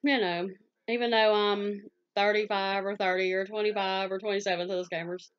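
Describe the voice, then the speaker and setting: Southern American woman, forties, quick chatty vlogger with easy laughs; mid-pitched voice, slightly muffled recording. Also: level tone, clean tone. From Southwest Virginia, US. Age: 40s. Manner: fast-talking, chatty, laughs easily. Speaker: YouTube scam-baiter answering viewer questions. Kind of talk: casual Q&A vlog.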